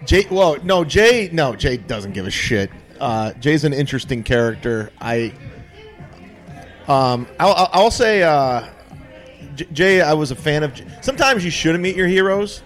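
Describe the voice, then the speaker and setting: A man who is a comedian, a guest on a podcast, talking in a laid-back, halting way with plenty of fillers in casual chat. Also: fairly high pitch, very animated, soft background music.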